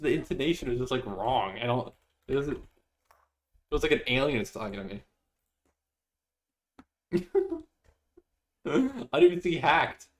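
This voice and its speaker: A young man streaming live, chatting casually with viewers, reading their messages aloud and laughing often. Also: medium pitch.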